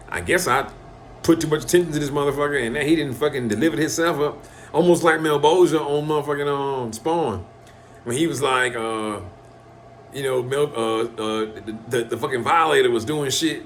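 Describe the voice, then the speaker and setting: A man talks in a loose, rambling monologue, heavy on swearing. His pitch sits in the middle range, and he drops into other voices to act out quotes. A faint hiss of noise runs under the recording. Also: a little fast, fairly bright tone.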